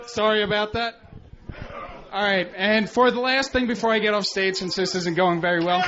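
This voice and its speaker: A man's voice: sits high, noisy background. A man doing an awkward, self-deprecating stand-up set on a club stage into a handheld mic. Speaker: amateur stand-up comic. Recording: muffled radio broadcast, live crowd.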